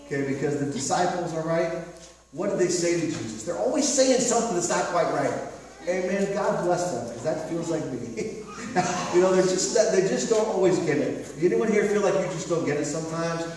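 Echoey high-voiced preaching man. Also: lively intonation, moderate pace, a little mellow. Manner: emphatic, repetitive preaching with rhetorical questions. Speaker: pastor. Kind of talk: sermon. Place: church sanctuary. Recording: echoey hall recorded from far off.

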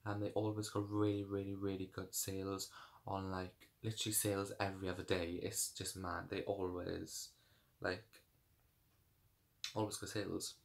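A man's voice: low voice, little pitch movement, normal speed, vocal fry. A young man chatting casually through a clothing try-on haul, rambling with lots of fillers. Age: young adult. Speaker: fashion vlogger.

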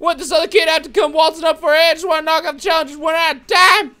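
A man voicing a brash, rowdy gang thug, yelling and taunting in a game let's play. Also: little pitch movement, fast, soft background music. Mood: yelling taunts. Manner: yelling, taunting, high and strained.

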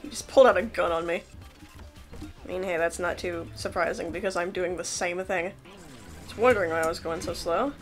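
A woman casually commentating a game she is playing, excitable and jokey, laughing often and yelping when things go wrong. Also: lowish voice, moderate pace, soft background music. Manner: excitable, laughing, swearing, yelps in panic. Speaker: gameplay commentator. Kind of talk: casual let's-play commentary.

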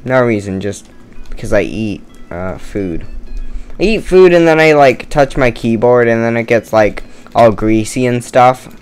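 A man's voice: medium pitch, expressive, unhurried, smooth, faint music behind. Tired, rambling young man gaming. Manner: rambling, chatty, swears, jokes at himself. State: tired, no caffeine. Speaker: gamer playing a murder mystery game. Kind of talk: casual let's-play commentary.

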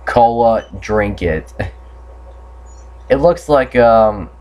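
A man's voice: medium pitch, lively intonation, very slow, muffled recording, slight background noise. A young man commenting on a horror game playthrough, swearing often and yelping when startled. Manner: swears a lot, jumpy and startled. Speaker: gamer.

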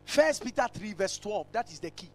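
A man preaching a sermon, emphatic and repetitive, swinging between shouted lines and hushed asides. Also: sits high, animated, moderate pace, soft background music, low-quality recording. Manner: repetitive, rhetorical.

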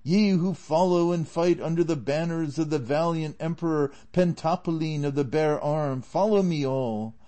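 Man putting on a deluded old knight, pompous, archaic, declaiming, mellow tone. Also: on the high side, close to an everyday voice. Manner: lofty archaic speech, declaiming.

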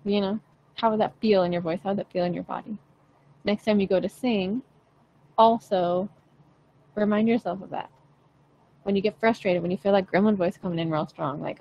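A woman's voice: mid-range voice, a little fast, gravelly, warm tone, poor audio. Young woman vocal coach, casual and blunt, mid-range voice, faint background noise. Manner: chatty, frank, playful, swears casually. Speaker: singing teacher. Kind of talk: casual livestream voice lesson.

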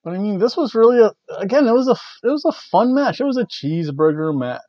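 A man's voice: high-pitched, big pitch swings, fast talker, dry recording. Rambling man reviewing wrestling matches. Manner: rambling, self-correcting, chuckles often. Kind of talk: casual spoken event review. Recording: dry, slightly dull lo-fi audio.

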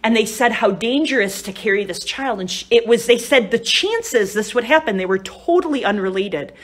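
A woman's voice: fairly high pitch, lively intonation, normal speed. A woman giving a live retreat talk to a group, telling stories in a chatty, conversational way and often asking "right?" and "you know?". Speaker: retreat speaker.

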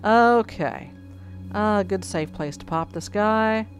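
A woman with a medium-pitched voice speaks slowly while playing a computer game, giving let's play commentary that turns exasperated and sweary before she tries to keep it clean. Background music plays under her voice.

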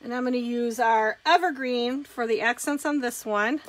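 A woman's voice: on the high side, moderate pace. A woman hosting a live craft demonstration, chatting casually as she talks through each step of her work.

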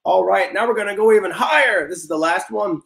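A young man teaching a music class, leading vocal warm-ups in an upbeat, encouraging way and explaining step by step. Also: high-pitched, a little fast, creaky. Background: guitar notes played under the talk.

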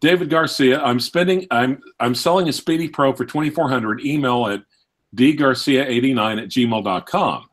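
A man co-hosting a live stream, calmly reading out viewer messages. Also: mid-range voice, normal speed. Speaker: co-host. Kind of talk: casual live-stream chat.

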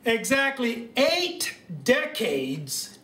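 Man doing a stately president, very slow formal speech, comic stumbles, echoey living room, distant mic. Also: very high voice, wildly swooping pitch, bright, forceful tone, heavily acted. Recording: roomy room sound from a distant camera.

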